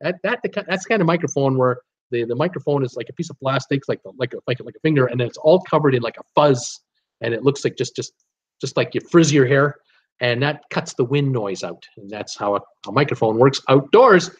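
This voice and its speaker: A man's voice: mid-range voice, brisk, slight background noise. A man hosting a casual livestream, chatting and reading out viewer comments while stumbling over names. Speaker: livestream host.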